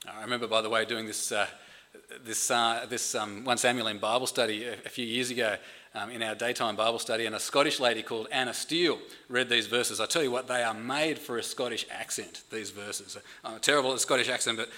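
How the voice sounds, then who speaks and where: Man preaching, very bright tense voice, earnest, stutters on repeated words. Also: medium pitch, steady tone, brisk. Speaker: pastor. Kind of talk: sermon.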